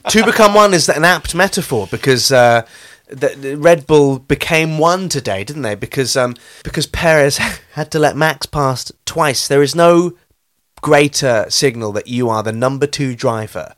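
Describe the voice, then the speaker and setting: Man, mid-pitched, rambling chatty co-host, casual comedic chat. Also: animated, moderate pace, few pauses, fairly bright tone. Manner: chatty, rambling, self-mocking asides. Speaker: podcast co-host.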